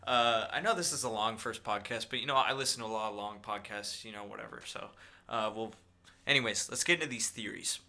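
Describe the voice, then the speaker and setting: A man's voice: lowish voice, a little fast, bright, forceful tone. A young man co-hosting a podcast, talking casually and rambling with many fillers. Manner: rambling, lots of fillers and impressions. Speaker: podcast co-host. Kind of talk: casual chat.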